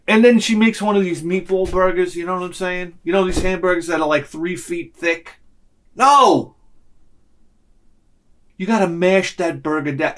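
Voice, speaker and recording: Middle-aged male vlogger, slightly high voice, animated comedic rant with voices. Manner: animated ranting, acts out lines in voices. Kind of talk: casual comedic monologue.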